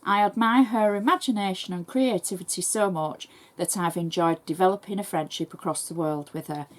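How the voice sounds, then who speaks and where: An English woman with a lowish voice hosts crafting tutorials. Here she reads viewer messages aloud, sounding brisk, chatty and thankful.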